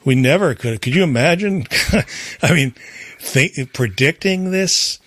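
A man hosting a call-in show, talking in a halting, rambling way. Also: fairly high pitch, lively intonation, a bit bright, dry recording. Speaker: talk show host. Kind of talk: casual call-in chat.

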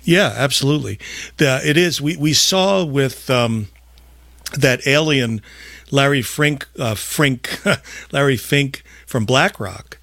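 A man hosting a podcast, talking in an emphatic, rambling way with big swings in loudness. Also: medium pitch, slow pace, no room sound, clean studio sound. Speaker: podcast host. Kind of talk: casual podcast talk.

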